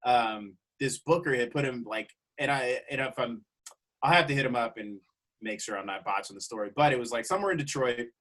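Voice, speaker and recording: A man with a mid-pitched, bright voice tells a comedy road story as a podcast guest. He talks loosely and casually, with restarts, and backs the host up with quick agreement.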